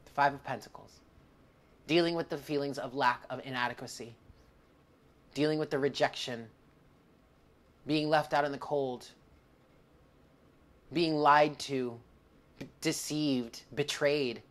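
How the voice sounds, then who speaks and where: A woman's voice: a bass voice, fairly even intonation, measured pace, long pauses. A woman giving a tarot reading to viewers, emotional and close to tears, calling the listener honey and swearing freely. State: tearful. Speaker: tarot reader.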